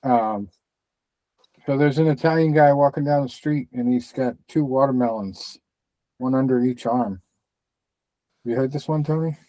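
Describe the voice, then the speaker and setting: A man's voice: medium pitch, moderate pace, long pauses, dark tone, no echo, low-quality recording. Chatty male podcast host, dry sound. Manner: rambling, chatty, frequent fillers. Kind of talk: casual fight-sports chat.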